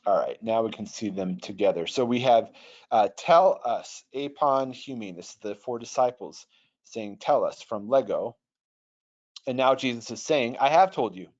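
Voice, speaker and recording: A man's voice: on the low side, unhurried, darkish tone. Patient man teaching on a muffled webinar. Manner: thoughtful, patient, lots of restarts. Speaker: online Bible software trainer. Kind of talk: webinar teaching on Greek grammar. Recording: dull lo-fi webinar audio.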